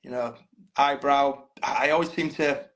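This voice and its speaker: A man's voice: medium pitch, fairly even intonation, normal speed, fairly bright tone, poor audio. Chatty man telling stories. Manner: chatty, candid storytelling, swears freely, says "mate" a lot. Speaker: guest, band frontman. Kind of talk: casual podcast interview.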